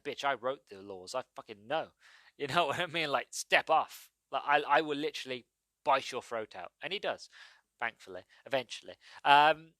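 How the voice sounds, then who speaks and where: A man's voice: mid-range voice, bright, forceful tone, no room sound. A man hosting a solo movie review podcast, talking enthusiastically and rambling with lots of fillers. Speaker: podcast host.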